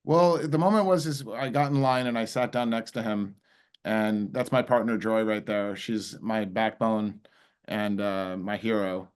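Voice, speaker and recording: A man's voice: on the low side, steady tone, measured pace, smooth. A middle-aged man, a guest in a casual interview, telling stories in a chatty way. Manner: storytelling, chatty.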